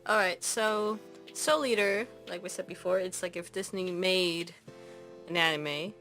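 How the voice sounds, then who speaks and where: A woman's voice: lowish voice, measured pace, over music. A young woman co-hosting a podcast, chatting casually and animatedly about anime with frequent laughter. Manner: animated, laughs often, acts out characters in loud mocking voices. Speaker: podcast co-host. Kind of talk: casual chat recapping anime.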